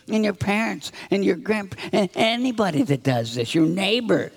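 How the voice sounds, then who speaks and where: A man's voice: sits high, lively intonation, moderate pace, creaky, few pauses, breathy edge. A man giving a children's sermon in a church, telling a story with acted-out voices. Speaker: children's minister. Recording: reverberant hall.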